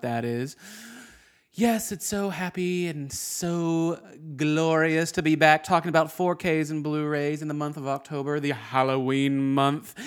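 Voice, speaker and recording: A man hosting a podcast, reviewing films in a casual, animated, jokey way and swearing freely. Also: a little high. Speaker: podcast host.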